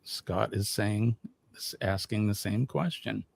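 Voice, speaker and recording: A man co-hosting a casual livestream chat, lively and quick to laugh. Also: fairly low pitch, creaky, breathy edge. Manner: lively, laughs often, drawn-out banter. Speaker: livestream co-host.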